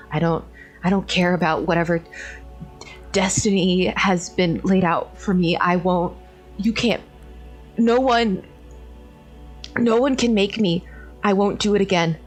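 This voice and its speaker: A woman's voice: fairly low pitch, steady tone, measured pace, long pauses, husky, faint music behind. A woman voicing a distraught young adventurer woman who halts, repeats herself and swears as she refuses her fate. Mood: desperate.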